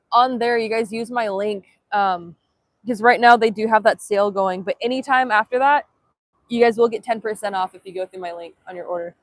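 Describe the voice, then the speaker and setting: A woman's voice: fairly high pitch, no echo. A young woman chatting casually on a livestream outdoors at sunrise, reading chat aloud in a playful way, filmed on a handheld phone. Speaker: livestream vlogger.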